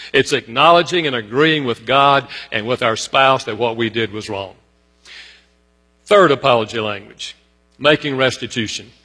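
A male pastor preaches with a bright, forceful voice, telling a story about himself and addressing the congregation directly. He leaps up in pitch to stress a point, then sinks low and soft for quieter asides. His voice rings out with a long reverb from a large hall. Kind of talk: sermon.

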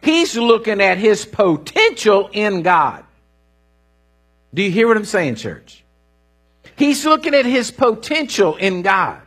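Husky, animated preacher man. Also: high-pitched, takes it slowly. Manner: animated, folksy storytelling with rising bursts. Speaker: pastor. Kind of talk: sermon.

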